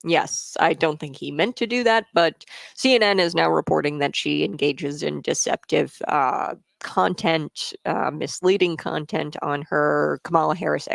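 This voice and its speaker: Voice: mid-range voice, unhurried, vocal fry, few pauses, fairly bright tone, dry recording. A radio talk show host giving opinion commentary, emphatic and repeating points with frequent fillers.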